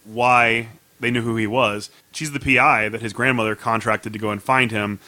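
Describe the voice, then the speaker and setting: A man's voice: mid-range voice, fairly even intonation, normal speed, bright, forceful tone, no room sound. A man hosting a casual chat, upbeat and steering the talk. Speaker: podcast host.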